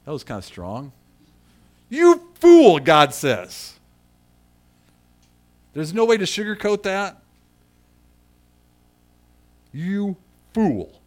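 A man's voice: high-pitched, very animated, slow, long pauses. A middle-aged man preaching a sermon in a conversational way and calling on people in the congregation by name. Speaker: pastor.

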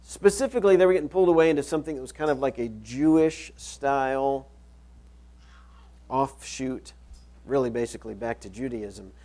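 A man's voice: mid-range voice, moderate pace, warm tone. A middle-aged male pastor preaching a sermon, reading scripture aloud and repeating key phrases for emphasis.

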